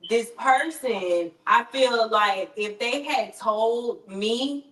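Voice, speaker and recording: A woman with a slightly high voice speaks earnestly as an interview guest, restarting her sentences as she explains. She sounds distant from the mic, with a roomy echo around her. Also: drawn-out words, a bit bright. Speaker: interview guest, friend of the deceased. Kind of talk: conversational interview. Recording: echoey room, voice far from mic.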